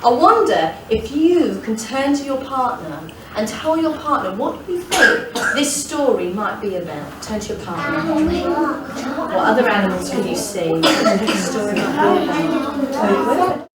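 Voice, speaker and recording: A woman teacher reading a picture book aloud to a class of children, in a lively storytelling manner. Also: fairly high pitch, a little slow, a loud crowd. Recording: echoey room, distant mic, loud music.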